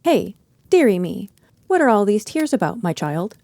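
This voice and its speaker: A woman voicing a kindly old fairy godmother with a feeble, croaking voice, in a storybook reading. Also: medium pitch, big pitch swings, normal speed, mellow, no room sound.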